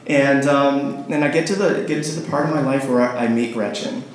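A man's voice: medium pitch, brisk. A man telling a rambling personal story, with many fillers and restarts, often laughing and acting out phone calls. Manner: acts out phone calls in quoted voices. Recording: very echoey room, faint noise.

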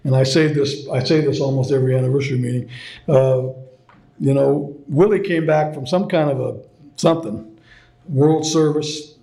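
A man's voice: medium pitch, steady tone, normal speed, creaky, mellow. A middle-aged man sharing a personal story at a recovery meeting, rambling with many fillers and restarts. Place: meeting room. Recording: echoey meeting room.

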